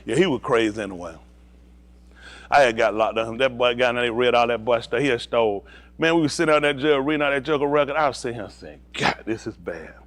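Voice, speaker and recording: A man with a mid-range voice shares a personal story in a relaxed, lively way. He laughs often and acts out what other people said.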